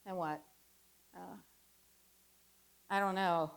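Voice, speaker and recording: A woman in her fifties performing a reflective personal essay with wry storytelling and pauses. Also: fairly low pitch, steady tone, creaky, clean tone. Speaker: author giving a reading.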